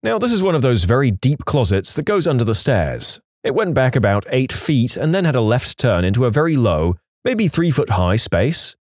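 A man narrating scripted spooky anecdotes in an animated storytelling manner. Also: moderate pace, dry recording, clean studio sound. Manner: animated storytelling with lively pitch swings.

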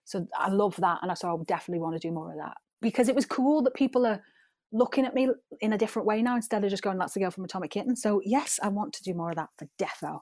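A woman's voice: medium pitch, fast talker, a little mellow, dry recording. A woman in her thirties with a Scouse accent, chatting as a guest in a giggly, rambling way. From Liverpool. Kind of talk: casual interview chat.

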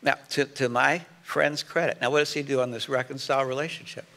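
A man's voice: mid-range voice, steady tone, fairly quick, creaky, pushed and bright. A middle-aged man preaching a conversational sermon as pastor, acting out sample apologies in quotes.

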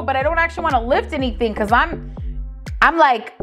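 A woman's voice: high-pitched, measured pace, pauses often, soft background music. A woman hosting a reaction video, chatting casually, teasing and laughing a lot. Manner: animated, teasing, laughs often.

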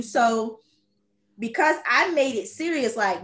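A woman hosting a podcast, telling a personal story in a chatty, animated way. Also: a little high, a little slow. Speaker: podcast host. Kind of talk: casual conversation.

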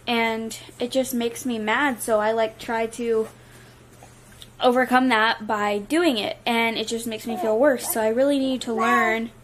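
A woman's voice: a little high, fairly even intonation, a little slow, a little hiss or hum. A young woman chatting casually to her viewers in a vlog, nauseous and worn down, filling her talk with "like". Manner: chatty, many "like" fillers. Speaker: vlogger. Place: at home with a baby.

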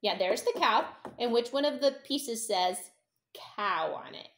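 A young woman teaching a toddler phonics at home, sounding out letters slowly in a sing-song, encouraging way. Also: fairly high pitch, animated, fairly bright tone. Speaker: parent teaching a child to read.

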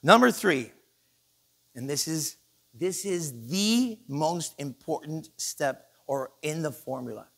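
A male pastor preaching a sermon in a church, animated and joking, acting out the people he quotes. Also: a little high, slow, vocal fry.

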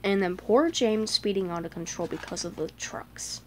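In a mid-range voice at a moderate pace, with slight background noise, a woman gives a casual flip-through of a picture book she loves. Her talk is chatty and loaded with "like," small gasps and little character voices.

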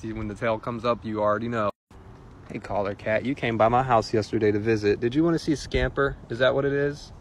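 Man cooing baby talk to cats. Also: lowish voice. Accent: American. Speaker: vlogger. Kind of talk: casual vlog talking to cats. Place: outdoors on neighborhood streets. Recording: clear street noise behind.

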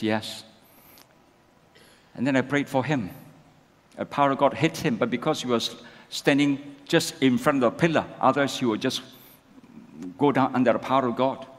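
A male pastor preaching a sermon, asking the congregation rhetorical questions and tagging lines with "isn't it?". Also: medium pitch. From Malaysia. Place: church sanctuary. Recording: long church hall reverb.

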